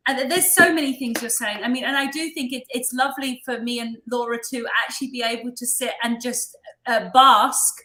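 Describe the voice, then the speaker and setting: Bright woman in a roomy space. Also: fairly high pitch, fairly even intonation, a little fast, slight background noise. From England. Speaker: host. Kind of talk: casual chat. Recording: roomy echo.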